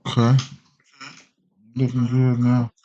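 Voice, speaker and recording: A relaxed sports betting podcast host chats casually on a livestream, rambling in loose slang at a slow pace and greeting viewers by name. His pitch is ordinary, and the stream audio sounds a little dull and lo-fi.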